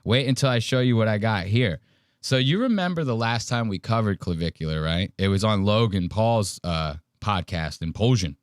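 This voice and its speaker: Animated, swearing podcast host man. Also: on the low side, moderate pace, no room sound, clean studio sound. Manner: animated, profane storytelling. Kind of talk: casual chat.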